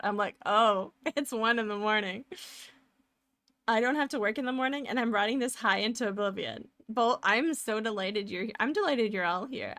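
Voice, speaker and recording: A woman live streams while she draws, chatting casually and rambling as she narrates her work, often laughing. Her voice has a fairly high pitch, is a bit bright and has no echo.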